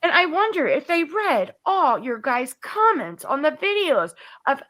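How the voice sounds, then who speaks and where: A woman's voice: sits high, sing-song, a little slow, fairly bright tone, no echo, poor audio. A woman ranting on her livestream, exasperated and sarcastic, her voice shooting up when she gets worked up. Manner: exasperated, rises sharply when upset, sarcastic. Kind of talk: frustrated livestream rant.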